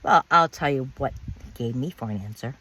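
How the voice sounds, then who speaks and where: A woman's voice: extremely low pitch, lively intonation, normal speed, fairly bright tone, slightly rough. A woman telling her own story of betrayal in a bitter, emphatic way, repeating words and swearing. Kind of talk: personal storytelling monologue.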